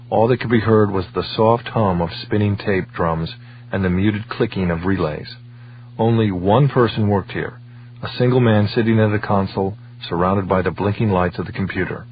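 A man with a low voice narrates an audiobook in a measured, even way. The recording is dull and lo-fi, with a faint hum underneath.

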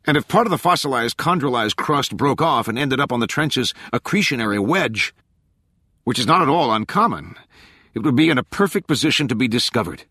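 Narrator as excited male ocean scientist, fast explaining, dry close voice. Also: medium pitch, no echo, pitched above the performer's own voice. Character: eager male marine scientist, enthusiastic explainer.

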